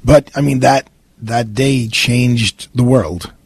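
Raspy New York radio host. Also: male voice, mid-range voice, dry recording. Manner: rambling, halting, many fillers and restarts. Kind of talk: casual radio monologue. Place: radio studio.

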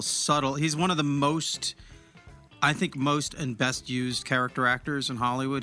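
A man hosts a relaxed podcast conversation, talking eagerly about films and actors. His voice is bright and forceful, and he often restarts sentences mid-thought. Faint music sits underneath. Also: mid-range voice. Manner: chatty, enthusiastic film talk with many restarts. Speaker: podcast host. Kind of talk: casual interview chat.

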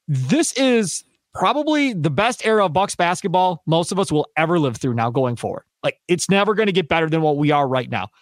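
A man hosting a sports podcast, talking excitedly and acting out what others said with big jumps in his voice. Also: no echo, clean studio sound. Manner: animated, acts out quotes with big pitch jumps. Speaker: sports radio host. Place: office at a radio station.

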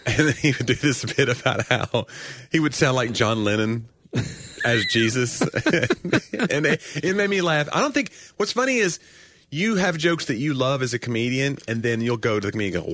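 A man's voice: medium pitch, expressive, moderate pace, fairly bright tone, no room sound. A man co-hosting a podcast, chatting casually with dry, self-deprecating jokes. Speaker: podcast co-host. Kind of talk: casual comedic chat.

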